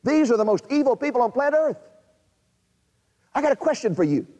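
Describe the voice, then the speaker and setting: Brief: emphatic male preacher, high and very animated, dramatic sermon, long reverb. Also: a little fast. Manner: dramatic, emphatic, rhetorical questions to the audience.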